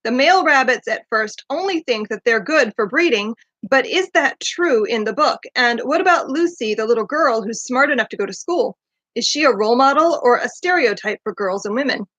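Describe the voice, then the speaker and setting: A woman's voice: a little high, expressive, brisk, a bit bright, no echo. A woman hosting a casual book discussion, chatty and eager, who laughs often. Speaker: podcast host. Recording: dull lo-fi dry sound.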